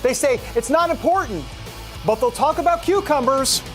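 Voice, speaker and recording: A man's voice: very high voice, animated, moderate pace, over music. A man hosting a talk show, giving sarcastic, incredulous commentary. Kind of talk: opinion commentary.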